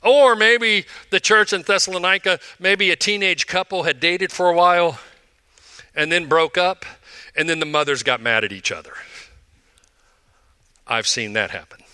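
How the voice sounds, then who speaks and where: An older male pastor in his sixties preaching with an emphatic, conversational delivery. His voice sits a little high and sounds strikingly bright and forceful, and the recording is close and dry. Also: moderate pace, long pauses, smooth, dry recording. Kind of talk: sermon.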